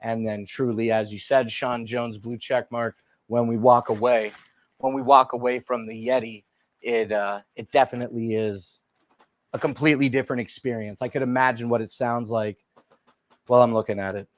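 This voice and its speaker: A man hosting a live shopping stream, chatting casually and softly to viewers while demoing gear on a lapel mic. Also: mid-range voice, moderate pace, no echo. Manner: chatty, rambling, talks straight to viewers; speaking softly and relaxed instead of his usual loud delivery. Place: indoor room, moving around on camera. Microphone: wireless lapel mic.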